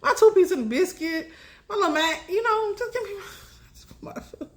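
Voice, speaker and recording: A high-pitched young woman spins a casual story, chatty and quick to laugh. Her voice jumps even higher when she gets worked up. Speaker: tarot reader telling a personal story.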